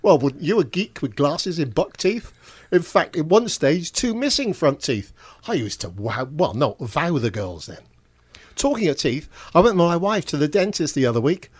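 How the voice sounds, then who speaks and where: A man's voice: on the high side, normal speed, slightly rough. Older man telling stand-up jokes. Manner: deadpan, chuckles at his own punchlines. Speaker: stand-up comedian and show compere.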